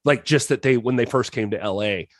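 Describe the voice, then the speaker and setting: A man's voice: medium pitch, a little fast, no room sound, clean studio sound. A man co-hosting a casual film podcast, telling stories in a rambling way with many fillers and restarts. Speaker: podcast co-host. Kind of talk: casual chat.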